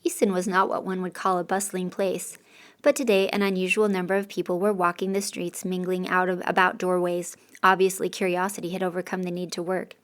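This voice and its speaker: A woman's voice: lowish voice, little pitch movement, fairly quick. A woman reading a first-person novel aloud as an audiobook narrator, with a dry, sardonic delivery.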